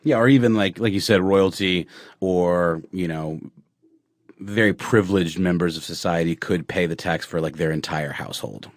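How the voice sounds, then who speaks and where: A man with a very deep voice banters on a podcast, easygoing and fond of a joke. His sound is dry and close, with no echo around it. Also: moderate pace. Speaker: podcast co-host. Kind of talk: casual podcast chat.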